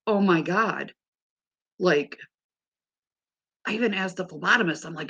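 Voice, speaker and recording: Chatty gravelly woman in her fifties. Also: medium pitch, animated, measured pace, pauses often, fairly bright tone. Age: 50s. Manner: chatty, exasperated storytelling. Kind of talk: casual chat to a live audience.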